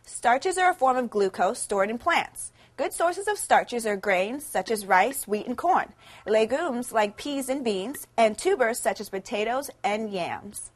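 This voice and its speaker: A woman presenting a scripted educational lesson, explaining clearly and cheerfully. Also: a little high, animated, a little slow.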